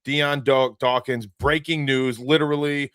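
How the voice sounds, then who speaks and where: A man hosting a live sports stream, talking in an excited, frantic way and repeating himself. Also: mid-range voice, unhurried, clear, resonant tone, dry recording. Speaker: sports podcast host. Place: home studio, seated.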